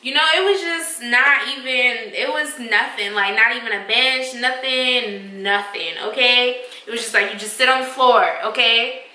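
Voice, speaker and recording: Young woman, bright sharp voice, echoey room, a bit off-mic, animated profane storytelling. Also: on the high side, moderate pace, hardly any pauses, distant mic. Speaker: vlogger. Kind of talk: storytime vlog.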